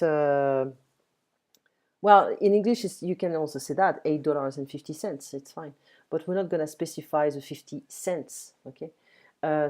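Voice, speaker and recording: A woman teaching a beginner French lesson online, patiently explaining and reading dialogue lines slowly and clearly. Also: low voice, warm tone.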